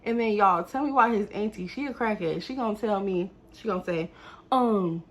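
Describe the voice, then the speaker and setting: A woman's voice: medium pitch, normal speed. A young woman telling a casual storytime to her viewers, often addressing them directly. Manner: exasperated, talks straight to viewers. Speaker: vlogger.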